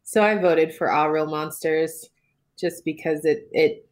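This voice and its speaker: A woman's voice: low voice, steady tone, measured pace. A young woman joining a casual chat, hesitant and giggly, with restarts.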